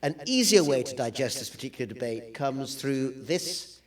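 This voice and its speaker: A man's voice: mid-range voice, animated, moderate pace, far from the mic. A man giving a public lecture with slides, talking with dry, wry humor and frequent "uh"s. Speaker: guest lecturer.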